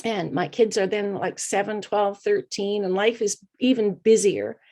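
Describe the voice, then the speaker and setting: A middle-aged woman, a podcast guest, telling her personal story in an earnest, reflective way with hesitant pauses. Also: mid-range voice, warm tone. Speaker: guest speaker.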